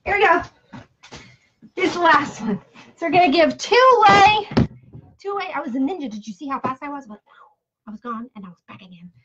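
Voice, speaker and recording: A woman's voice: high-pitched, sing-song, fairly quick, pauses often, background noise. A woman hosting a casual live giveaway stream, chatty and playful with jokey asides. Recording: dull lo-fi live-stream audio.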